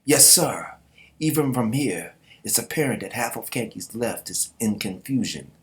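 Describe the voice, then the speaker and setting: A cold, calculating male strategist issues battle orders, as a man reads him aloud. The voice sits low and stays level. It sounds like a fan reading comic panels. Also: animated, normal speed, natural voice. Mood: commanding. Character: stern male enemy strategist giving orders.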